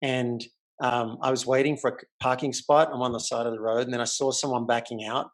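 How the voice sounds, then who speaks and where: A man's voice: mid-range voice, fairly quick. A man, a life coach, telling a story as the guest in a casual remote interview. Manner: animated, vivid storyteller. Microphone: remote call.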